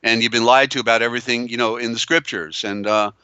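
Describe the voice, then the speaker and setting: A man's voice: medium pitch, steady tone, quick pace, bright, forceful tone, clean tone, dry recording, dull audio. A man hosting a live call-in show. He talks emphatically and repeats himself, with many fillers and restarts. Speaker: host. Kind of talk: live call-in show, reading viewer comments.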